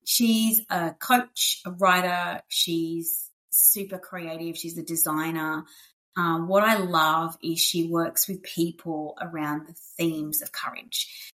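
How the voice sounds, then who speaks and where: A woman's voice: lowish voice, a bit bright. A woman hosting a podcast in a chatty, upbeat way, full of fillers and asides. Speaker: podcast host. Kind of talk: casual chat.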